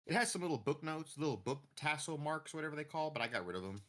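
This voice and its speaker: A man's voice: fairly high pitch, expressive, fast, a bit bright. A man chatting casually and rambling off the cuff while streaming a farming game. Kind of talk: casual chat while gaming.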